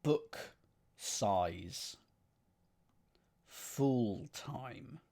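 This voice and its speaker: Slow, musing man reading puzzle clues. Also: medium pitch, animated, warm tone. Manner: reads clues aloud and muses over the wordplay. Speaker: streamer solving a crossword. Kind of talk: thinking aloud while solving.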